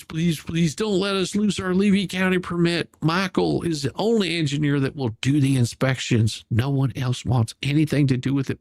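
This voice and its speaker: A man reading out a pleading message in a high, mocking voice, playing a whiny woman begging for money. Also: gravelly.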